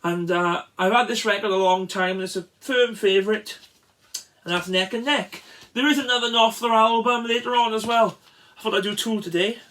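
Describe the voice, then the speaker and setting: A man casually showing records from his collection, chatty and enthusiastic, with frequent pauses and restarts. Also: high voice, sharp tone. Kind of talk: casual record show-and-tell.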